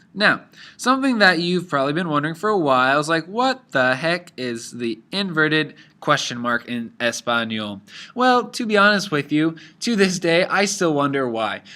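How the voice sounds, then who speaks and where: A man's voice: on the high side, sharp tone. A man teaching a lesson, explaining patiently in English mixed with phrases. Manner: upbeat, explains patiently, mixes Spanish into English. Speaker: Spanish teacher. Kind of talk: language lesson.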